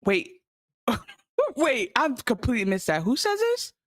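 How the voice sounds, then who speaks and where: A woman's voice: fairly high pitch, wildly swooping pitch, unhurried, no echo, studio quality. A woman co-hosting a casual recap chat, bluntly summing up the characters' motives with a skeptical edge. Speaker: podcast co-host.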